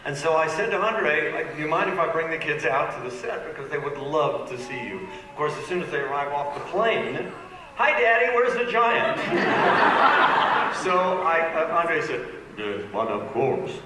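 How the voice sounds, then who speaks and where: A man telling a lively anecdote on a fan convention panel, acting out the other people in the story as he goes. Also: fairly high pitch, brisk, few pauses. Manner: lively storyteller, acts out voices. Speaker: panel guest actor. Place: large convention hall. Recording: echoey convention hall, distant mic, noisy.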